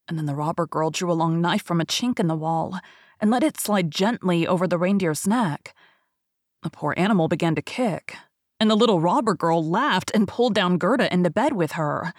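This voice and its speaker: A woman podcast host reading a fairy tale aloud in a calm, even narration. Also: fairly low pitch, normal speed, no room sound, clean studio sound. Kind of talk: storybook reading.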